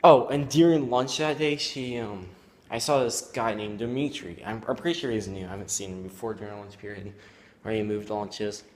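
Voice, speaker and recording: A teenage boy telling a personal story at home, rambling and halting with many fillers. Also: fairly low pitch, steady tone. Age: teens. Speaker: student vlogger. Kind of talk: casual storytelling.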